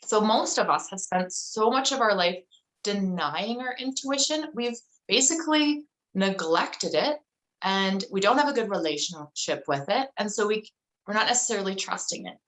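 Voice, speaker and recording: A woman's voice: medium pitch, expressive, moderate pace, a bit bright, low-quality recording. A middle-aged woman, a guest in an interview, speaking casually and telling a story with many fillers. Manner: chatty, loose storytelling with frequent 'like' and 'um'.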